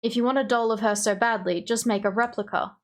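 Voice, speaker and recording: A woman's voice: on the high side, fairly even intonation, fast, close to an everyday voice. Protective mother, read by a woman, firm and urgent, Australian accent. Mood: defiant.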